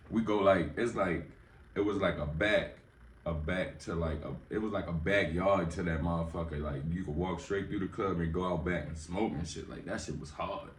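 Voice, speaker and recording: A man's voice: deep voice, echoey room, far from the mic, a little hiss or hum. A man telling a casual storytime on his podcast, acting out what people said in a raised voice. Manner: animated storytelling, acts out quotes in raised voice. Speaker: podcast host.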